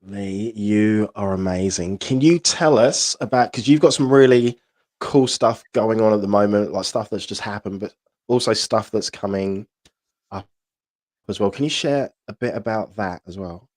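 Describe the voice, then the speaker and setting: A man hosts a live podcast interview in a somewhat low voice. He asks his guest questions and eagerly cheers on her news. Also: moderate pace, darkish tone. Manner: enthusiastic, encouraging interviewer. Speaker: podcast host.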